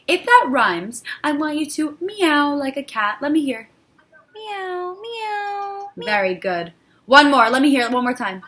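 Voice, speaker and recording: A woman's voice: high voice, normal speed, hardly any pauses. A woman teacher reading a rhyming story aloud to children and leading playful movement and sound games. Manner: animated, playful, sing-song.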